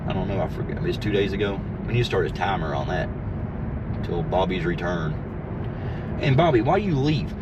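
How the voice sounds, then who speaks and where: A man with a fairly low voice rants from his car, swearing freely and mocking his rivals. His combative delivery runs over a steady hum of road and street noise. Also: brisk. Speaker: streamer and delivery driver. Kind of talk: ranting livestream monologue. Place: inside a car.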